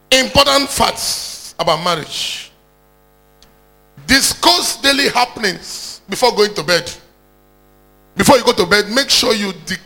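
A man's voice: high-pitched, pushed and bright. A Nigerian man preaching a sermon, exhorting the congregation and calling out for hallelujahs.

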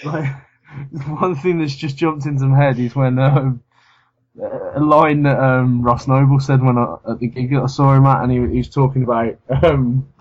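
A man's voice: medium pitch, steady tone, normal speed, a little mellow. Sweary man ranting on a podcast. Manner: blunt, sweary, laughs at his own rants. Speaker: podcast co-host. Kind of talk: casual comedy chat. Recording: dull lo-fi podcast audio.

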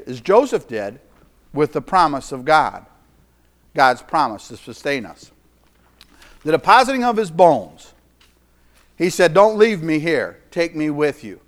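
A middle-aged man delivers a sermon with a lively, rising-and-falling voice that sits a little high for a man. He speaks in a folksy way, repeating phrases for weight and dropping from loud declarations into quiet asides. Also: slow, pauses often. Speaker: preacher.

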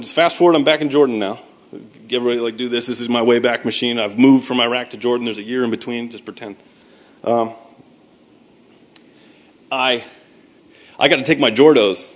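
A man in his thirties, a military veteran giving a faith talk. He tells animated, self-mocking stories, makes sound effects with his voice, and quotes scripture. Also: on the low side. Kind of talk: storytelling speech with scripture.

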